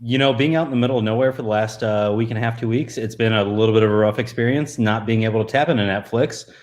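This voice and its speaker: A man's voice: fairly low pitch, fast, darkish tone. A man co-hosting a pop culture podcast, chatting in a laid-back way with occasional chuckles. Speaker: podcast co-host. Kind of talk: casual podcast chat.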